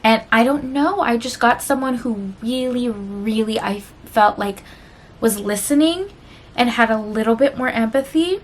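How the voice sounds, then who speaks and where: A woman's voice: fairly high pitch, measured pace, slight background noise. A woman vlogger talking candidly and emotionally to her viewers in a rambling, confessional chat full of fillers. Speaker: book vlogger.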